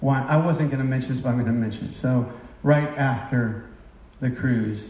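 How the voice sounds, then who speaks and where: A man's voice: mid-range voice, moderate pace, darkish tone. Emotional preacher man in a roomy hall. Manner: emotional, confessional, rising to impassioned outbursts. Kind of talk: sermon. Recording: roomy sound from a distance.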